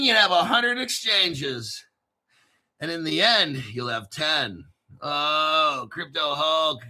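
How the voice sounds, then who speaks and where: A man's voice: a little high, sharp tone. A man hosting casual crypto commentary, swearing freely and bantering back and forth with himself.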